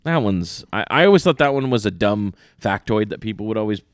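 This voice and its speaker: A man co-hosting a podcast in casual chat, animated and dismissive as he rants. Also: lowish voice, brisk, no echo, clean studio sound. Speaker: podcast co-host.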